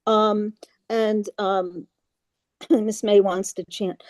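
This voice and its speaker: Slow, soft-spoken woman leading a meditation. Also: mid-range voice, no room sound. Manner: patient, halting, with many fillers and restarts; chants mantras in a steady monotone. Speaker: yoga class leader. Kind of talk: guiding a group meditation on a video call. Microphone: video call.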